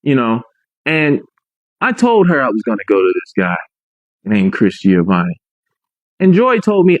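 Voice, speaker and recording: Speaking slowly with long pauses, a man with a medium-pitched, very animated voice gives a forceful account of his own story, repeating himself and tossing in "right?". There's no echo, and the sound is dry, muffled and lo-fi.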